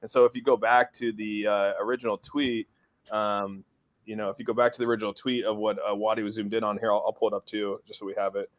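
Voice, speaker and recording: A man's voice: lowish voice, level tone, quick pace. A man co-hosting a casual live stream over a voice call, rambling with lots of fillers and swearing casually. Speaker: stream co-host.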